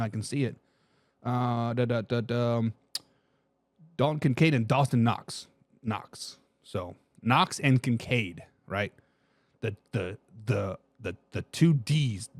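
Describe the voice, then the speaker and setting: A man hosting a casual sports livestream, reading viewer comments aloud in an excitable way and repeating his own lines. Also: high-pitched, dry recording, studio quality. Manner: swears casually, addresses chat as guys. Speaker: livestream sports talk host.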